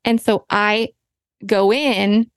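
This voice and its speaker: Candid, animated woman telling a story. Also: medium pitch, slow pace, smooth, dry recording. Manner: candid, animated, self-deprecating. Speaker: podcast host. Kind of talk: personal storytelling monologue.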